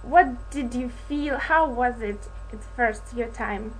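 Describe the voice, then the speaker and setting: A woman interviewing a singer, asking halting, careful questions. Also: on the high side, slight background noise, poor audio.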